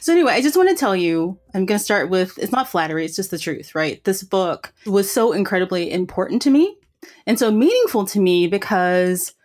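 A woman's voice: mid-range voice, expressive, a little fast, dry recording, clean studio sound. A woman hosting her podcast, reading an intro and then chatting admiringly with her guest. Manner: admiring, warm laughs, conversational. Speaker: podcast host. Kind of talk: scripted intro then casual interview.

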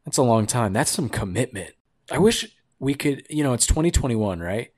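A man's voice: mid-range voice, very animated, normal speed, a little mellow, breathy edge, no room sound, clean studio sound. A young man hosting a podcast, riffing on the news in a sarcastic, rambling, jokey way. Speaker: podcast host. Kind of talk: casual comedic podcast monologue.

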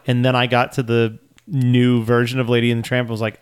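A man's voice: medium pitch, flat delivery, fairly quick, clear, resonant tone. A young adult man co-hosting a podcast, chatting with enthusiasm and teasing his friends. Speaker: podcast co-host. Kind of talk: casual chat.

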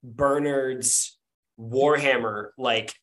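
A man's voice: medium pitch, steady tone, extremely slow, fairly bright tone. A man narrating a tabletop game as game master, with rambling, filler-heavy storytelling.

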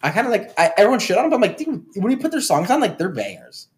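Young male co-host, rapid and animated, profane, storytelling. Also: sits high. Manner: animated, swears a lot, tells stories with quoted voices. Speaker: podcast co-host. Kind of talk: casual chat.

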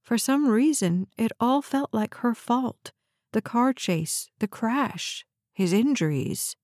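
A woman narrating a novel in a steady, even storytelling read, close to the mic. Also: medium pitch, takes it slowly, no room sound. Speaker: audiobook narrator. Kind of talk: scripted narration.

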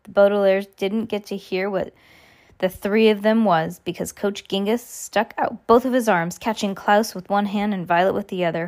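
A woman reads a children's story aloud, narrating in an even, ordinary voice. She handles every part herself and slips into high giggles for the characters. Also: moderate pace. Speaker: reader. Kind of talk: audiobook reading.

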